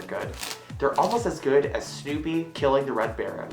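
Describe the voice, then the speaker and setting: A woman's voice: a bass voice, very animated, moderate pace, vocal fry. Hyper sassy woman in an echoey room. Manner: hyper, sassy, bursts into loud squealed exclamations. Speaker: vlogger. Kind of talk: random comedic monologue to camera. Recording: echoey room, faint music.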